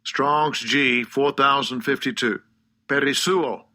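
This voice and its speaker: A man playing a slow, loud voice that reads out concordance number lookups. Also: medium pitch, steady tone. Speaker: scripture lookup voice.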